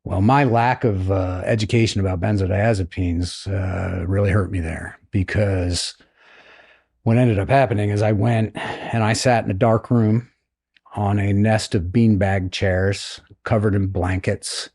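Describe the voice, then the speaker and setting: His voice is lowish and husky, his delivery a little slow. This middle-aged American man, retired from the navy as a flight officer, guests on a podcast and casually spins his story with animation, mimicking the voices of those he quotes.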